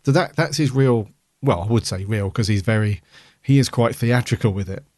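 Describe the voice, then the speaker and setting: A man's voice: on the low side, moderate pace, a little mellow, no room sound, clean studio sound. Rambling man on a podcast. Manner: rambling, hesitant with many fillers. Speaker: podcast co-host. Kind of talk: casual review chat.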